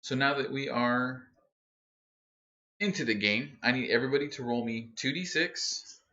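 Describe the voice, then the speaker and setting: A man's voice: mid-range voice, normal speed, pushed and bright. A man running a tabletop game as game master, narrating in an easygoing, hesitant way with plenty of fillers. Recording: muffled lo-fi stream audio.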